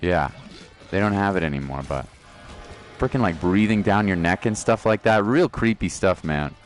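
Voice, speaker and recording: Laid-back male gaming streamer, deep voice, faint music under him. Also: normal speed. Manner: laid-back, chatty, talks to chat. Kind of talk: casual live-stream chat.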